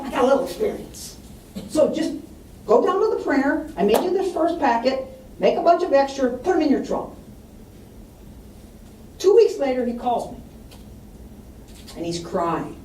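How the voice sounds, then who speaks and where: A woman's voice: high voice, sing-song, moderate pace, long pauses, mellow. Woman, storytelling speaker, distant mic, roomy hall echo, faint background noise. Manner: storytelling, acts out quoted voices. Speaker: estate planning speaker. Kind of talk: public talk with anecdotes.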